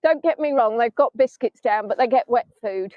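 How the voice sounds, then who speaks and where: Out in the sand dunes by the sea, a middle-aged woman from England hosts a relaxed live-stream tour, chatting to viewers, mocking herself and now and then singing a few lines. Her voice is on the high side at a normal pace. The recording is dry and dull, like phone-stream audio.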